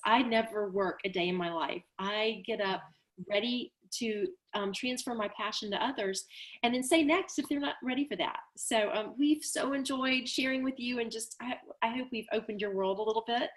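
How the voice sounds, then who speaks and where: A woman's voice: a little high, normal speed. A woman, co-hosting a team call and wrapping up with an upbeat, rallying pep talk. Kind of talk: motivational wrap-up talk.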